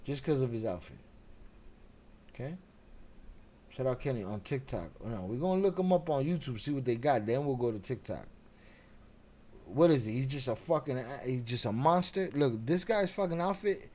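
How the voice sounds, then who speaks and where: A man's voice: mid-range voice, expressive, moderate pace, dark tone. A man hosting a live stream, giving brash, profane, trash-talking reaction commentary.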